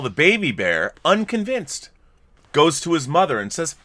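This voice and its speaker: Animated, jokey man hosting a movie chat. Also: medium pitch, a little fast, no room sound. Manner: animated, jokey, stammering restarts. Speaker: movie podcast host. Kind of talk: casual chat over wine.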